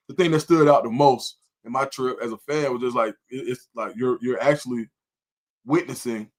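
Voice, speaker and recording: A man's voice: medium pitch, a bit bright. A man on a casual sports talk show describing his experience as a fan, talking in a rambling, enthusiastic way. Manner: rambling, many fillers and restarts.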